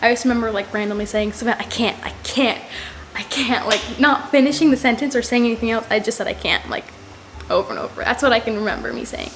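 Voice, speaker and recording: Girl talking to camera, kinda high pitched, says like a lot, quiet hum behind her. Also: fast talker. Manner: rambling, heavy use of "like". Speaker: vlogger. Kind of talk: casual storytelling to camera.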